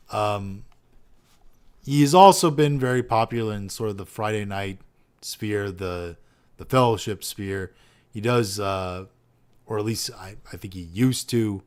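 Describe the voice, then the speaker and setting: Profane, ranting male podcast host. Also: on the low side. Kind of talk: casual commentary reading posts.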